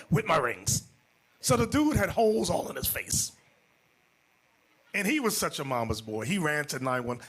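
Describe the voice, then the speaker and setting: A man teaching as bishop, telling stories to a class and swinging into loud, shouted points. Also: high-pitched, vocal fry, breathy edge. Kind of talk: animated class sermon.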